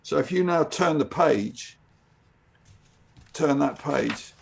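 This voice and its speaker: A man's voice: a little high, lively intonation, slow, vocal fry, a little hiss or hum. An older man, a guest comic artist, chatting casually and reflecting on his own artwork, with frequent restarts. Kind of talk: casual chat.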